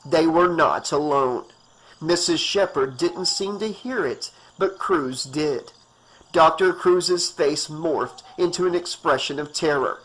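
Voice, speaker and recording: A man's voice: a little high, takes it slowly, a bit bright, low-quality recording. A man reading a horror novel aloud as an audiobook narrator, in a tense, dramatic way.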